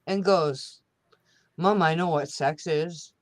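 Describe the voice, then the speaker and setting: A woman slowly telling a story about her son in a casual chat. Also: low voice, no echo.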